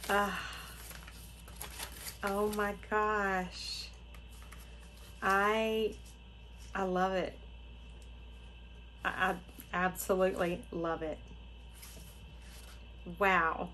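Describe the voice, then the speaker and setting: Woman, middle-aged, gushing vlog host, slow unhurried talk, faint room hiss. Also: mid-range voice, level tone, a bit bright, low-quality recording. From Florida. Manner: gushing, exclaims often, talks to viewers. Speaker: craft channel host. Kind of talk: casual unboxing vlog.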